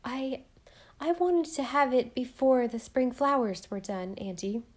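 A woman voicing a gentle, dreamy young wife, speaking softly with a slightly lifted voice. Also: sits high, unhurried, pitched above the performer's own voice.

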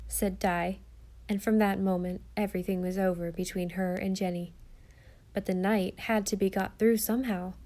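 A woman narrating a storybook in a steady, expressive reading. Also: medium pitch. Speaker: audiobook narrator.

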